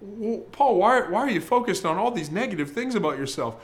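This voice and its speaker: A man's voice: sits high, expressive, brisk. A man voicing a young, unsure Timothy who protests in a pleading, coaxing way. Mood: protesting.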